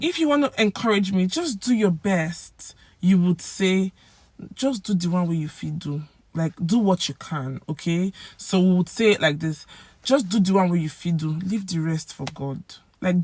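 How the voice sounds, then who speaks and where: Woman, Nigerian accent, casual language lesson, lively acted-out examples, lowish voice, dry close sound. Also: dry recording. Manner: lively, acts out example phrases with big swings in pitch and loudness. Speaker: language teacher.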